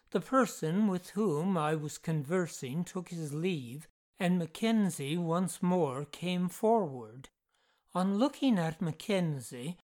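A woman narrates a ghost story in a measured, deliberate way. Her voice sits on the low side, and she takes her time over every phrase. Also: darkish tone.

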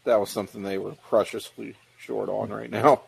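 A man's voice: on the low side, level tone, moderate pace, vocal fry, husky. A man co-hosting a movie commentary, giving wry, opinionated takes and restarting his sentences as he goes. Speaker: co-host of a movie watch-along commentary. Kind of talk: casual chat.

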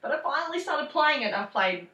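A woman's voice: high voice, sing-song, fairly quick, pushed and bright, recorded from a distance, muffled recording. A woman co-hosting a podcast in a casual chat, laughing often and swearing lightly. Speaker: podcast co-host. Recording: echoey room, a little off-mic.

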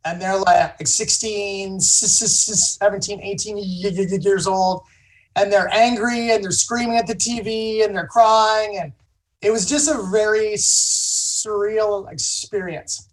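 Male guest who speaks slowly, catches and repeats the first sounds of words as he tells a story. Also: sits high, steady tone, low-quality recording. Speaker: guest on a talk show. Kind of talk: casual storytelling.

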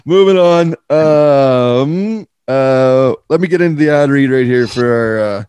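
A man's voice: mid-range voice, measured pace, a little mellow, smooth, dry recording. A man hosting a casual podcast, telling rambling stories with lots of fillers and swearing, then reading an ad. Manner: rambling storyteller, swears freely, many fillers. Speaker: podcast host. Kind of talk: casual podcast chat and ad read.

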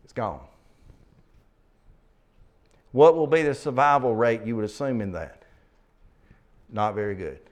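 A man leading a Bible study, reading scripture aloud slowly and asking his listeners questions. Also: medium pitch, animated. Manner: reads scripture aloud slowly, then asks the class questions.

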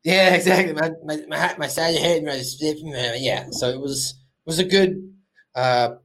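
A man's voice: a little high, steady tone, moderate pace, fairly bright tone. A man hosting a podcast, animatedly retelling a cartoon episode in a loose, casual chat with lots of fillers. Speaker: podcast host.

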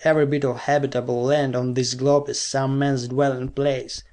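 A man's voice: medium pitch, little pitch movement, normal speed, darkish tone, close to an everyday voice. A man reading an audiobook, voicing a stern male scientist leader who addresses the world in a declamatory way. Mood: commanding. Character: commanding male scientist leader calling for war.

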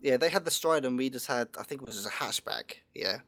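A man's voice: medium pitch, expressive, quick pace, a crowd in the background. A man co-hosting a casual gaming chat, rambling with lots of fillers and restarts. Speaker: podcast co-host.

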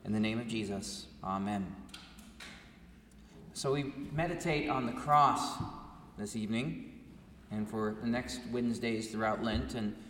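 A man's voice: fairly low pitch, unhurried, pauses often, fairly bright tone, slight background noise. Man preaching in an echoey church hall. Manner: earnest preaching, rising to emphatic questions. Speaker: pastor. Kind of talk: sermon. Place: church sanctuary. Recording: echoey hall, mic set far off.

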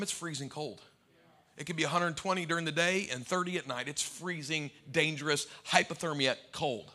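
Lively, bright-voiced male preacher. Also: a little high. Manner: animated, humorous preaching with sudden loud and soft swings. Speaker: pastor. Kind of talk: sermon. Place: church before a live congregation.

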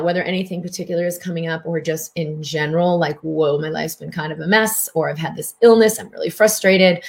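A middle-aged woman physician hosting a live stream, chatty, greeting viewers by name as she guides a wellness session. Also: fairly low pitch.

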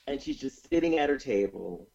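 A man's voice: mid-range voice, normal speed, creaky, lo-fi sound. A man casually recapping a movie's plot in a podcast chat, with lots of fillers and restarts. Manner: animated retelling of a plot, with many fillers and restarts.

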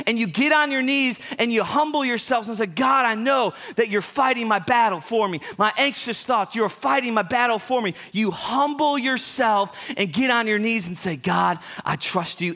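Young male pastor, high and bright voice, chatty animated sermon delivery. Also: normal speed. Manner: conversational, animated preaching with asides.

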